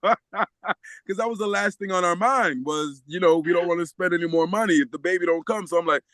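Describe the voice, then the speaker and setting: Animated man telling a story. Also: high-pitched, a little fast, no echo. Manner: animated, acts out the voices in his story; laughs often while telling. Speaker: podcast guest. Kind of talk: storytelling in a casual interview.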